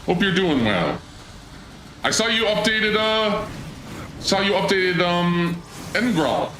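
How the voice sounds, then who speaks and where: A man's voice: high-pitched, animated, takes it slowly, bright, forceful tone, a little hiss or hum. A man hosting a live gameplay stream, bantering playfully with chat and playing up a mock-grand persona. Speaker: streamer, channel host. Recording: roomy echo with game music underneath.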